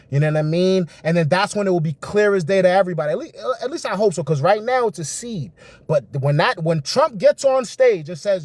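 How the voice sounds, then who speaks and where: A man's voice: high voice, a little fast, darkish tone, dry recording. A young man giving casual, rambling political commentary on a livestream, reacting to chat as he goes. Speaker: livestream host.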